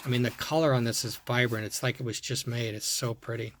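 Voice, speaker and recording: A man's voice: mid-range voice, little pitch movement, fast, fairly bright tone, slight background noise. A man showing off a toy car collection, talking casually and admiringly, repeating his words and thinking aloud as he goes. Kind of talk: casual show-and-tell vlog.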